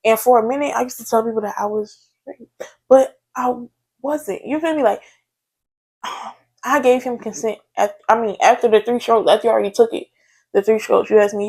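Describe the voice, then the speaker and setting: A woman's voice: on the high side, fairly even intonation, fairly quick, creaky, darkish tone, breathy edge. A young woman, telling a personal story to her viewers in a candid, chatty way. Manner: candid, chatty, talks straight to viewers with frequent "like" and "y'all". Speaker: vlogger. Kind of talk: casual storytime chat.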